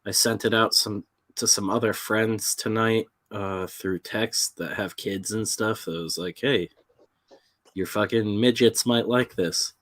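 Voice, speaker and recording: A man's voice: fairly low pitch, steady tone, a little slow, fairly bright tone, no room sound. A man co-hosting a podcast, chatting casually with frequent swearing and laughter. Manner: laid-back, swearing, laughing often. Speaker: podcast co-host. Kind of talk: casual chat.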